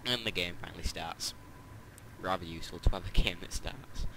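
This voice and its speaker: A man's voice: deep voice, fairly quick, gravelly, bright, forceful tone, slight background noise. A man doing casual, joking gameplay commentary, rambling and mocking himself as he plays. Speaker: let's play gamer.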